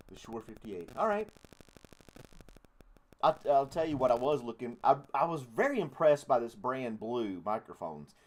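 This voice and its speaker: A man's voice: mid-range voice, very animated, unhurried, long pauses. Rambling, joking man hosting a podcast. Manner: rambling, jokey, crude asides. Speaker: podcast host. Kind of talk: casual live-stream chat.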